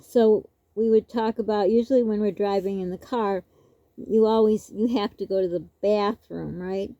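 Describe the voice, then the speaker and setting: A woman's voice: mid-range voice, steady tone, moderate pace, mellow, no room sound, lo-fi sound. A woman vlogger telling a rambling, casual story, laughing often as she goes.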